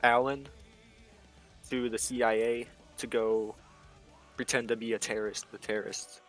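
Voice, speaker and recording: A man's voice: mid-range voice, level tone, moderate pace, fairly bright tone, soft background music. A young man casually explaining a game's story, stringing events together with "and then". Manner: rambling, chains events with "and then". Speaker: explainer of game lore. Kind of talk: casual chat.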